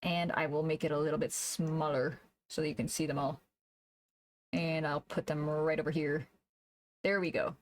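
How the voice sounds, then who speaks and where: A woman streamer chatting casually while she draws, thinking aloud, humming to herself and laughing softly, into a desk microphone. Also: deep voice, steady tone, normal speed, long pauses, no room sound. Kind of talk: casual live-stream chat while drawing.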